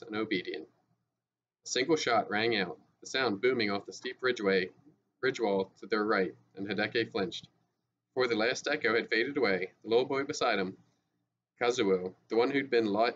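A male teacher reading a novel aloud in a steady, even way, with small restarts. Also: on the low side. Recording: dull lo-fi with faint hiss.

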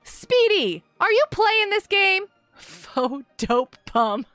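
A woman's voice: extremely high pitch, very animated, takes it slowly, a bit bright, no room sound, soft background music. A young woman streaming a game, chatting casually, giggling and sounding out words.

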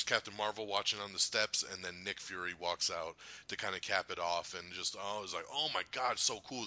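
Excited swearing man reviewing a movie. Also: lowish voice, dull audio. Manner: excited, swears a lot, laughs often. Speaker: podcast host. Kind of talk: casual movie review chat.

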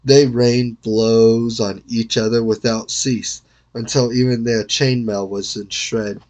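An older man reading a storybook aloud in a measured, careful way. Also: mid-range voice, flat delivery, a little mellow, highs cut off. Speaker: reader.

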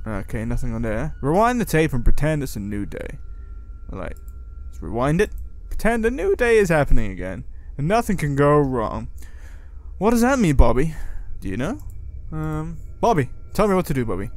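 A man's voice: on the high side, sing-song, normal speed. A man hosting a horror let's-play, reading the game's lines aloud and reacting with jumpy exclamations and swearing. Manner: reads in-game lines aloud to himself. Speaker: gaming video host.

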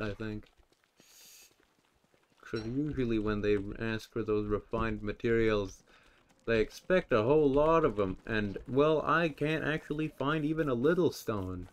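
A young man commenting on a survival game as he plays, rambling and joking with sudden yelled outbursts. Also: fairly low pitch, unhurried, clear, resonant tone. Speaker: gameplay commentator. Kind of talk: let's play commentary.

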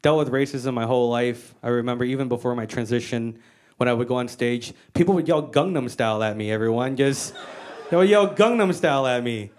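On a comedy stage before a live audience, an American woman performs a brash, profane, self-mocking stand-up set. Her bass voice is a little mellow and moves a little fast.

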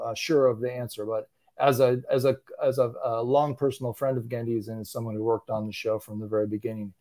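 A man's voice: medium pitch, darkish tone. A middle-aged man chatting as an interview guest, wry and self-deprecating, often restarting his sentences. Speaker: interview guest, animation creator. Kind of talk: casual interview chat.

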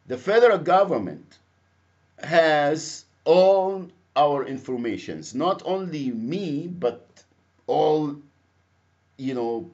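A man with an Egyptian accent, calling in on a computer speakerphone, talking loudly and insistently, repeating himself as he presses his point. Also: a little high. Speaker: caller. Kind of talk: phone call complaint. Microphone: computer speakerphone via internet calling. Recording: lo-fi phone call recording.

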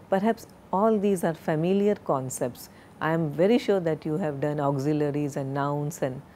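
Woman, lecturer, slow deliberate delivery, lowish pitch, recorded lesson, lapel mic. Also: warm tone, slight background noise. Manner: slow, deliberate, drills word pronunciations.

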